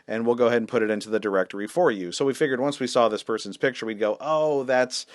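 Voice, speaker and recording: A man's voice: mid-range voice, quick pace, no room sound, clean studio sound. A man, a senior pastor, telling a story in a casual, wry, self-deprecating way with lots of fillers.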